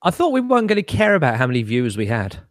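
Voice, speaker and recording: A man's voice: mid-range voice, huge pitch swings, racing, no room sound, studio quality. A man co-hosting a casual live-stream chat, joking, swearing freely and laughing often. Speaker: co-host.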